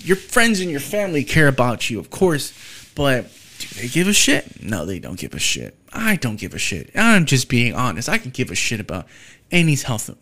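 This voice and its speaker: A man's voice: medium pitch, a bit bright. A young man from Texas hosting a podcast, delivering a blunt, profane solo rant. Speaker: podcast host.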